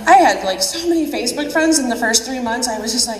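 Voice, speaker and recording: A woman's voice: a little high, lively intonation, quick pace. A woman telling her own story as a convention speaker, chatty, laughing and poking fun at herself. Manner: chatty, laughing, self-mocking. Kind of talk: personal story speech. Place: large convention hall. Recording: echoey hall, distant mic.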